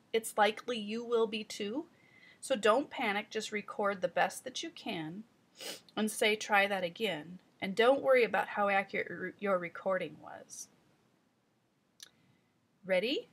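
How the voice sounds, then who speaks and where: A woman reading teacher giving calm, step-by-step instructional narration. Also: mid-range voice, unhurried, pauses often, slightly rough. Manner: calm, explanatory, guiding the listener step by step.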